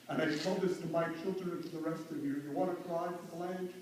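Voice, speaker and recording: Eulogist, male, fairly high voice, earnest and fervent, recorded far off in a very echoey hall with faint hum. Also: fairly quick, a little mellow. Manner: earnest, mixes Yiddish and Hebrew phrases, rises to fervent emphasis. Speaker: eulogist at a funeral. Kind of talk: funeral eulogy. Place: funeral hall.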